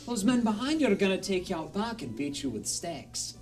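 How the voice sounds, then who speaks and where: A man voicing a stern, gruff Scottish pub bartender who talks low and hushed, with menace. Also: sing-song, a little fast, far from the mic, faint music behind. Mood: stern lecturing.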